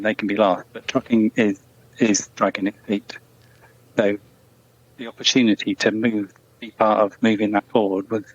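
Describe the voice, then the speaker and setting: A man answering interview questions in a measured, thoughtful way, with frequent restarts. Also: fairly low pitch, dull audio. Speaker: guest, former truck company employee.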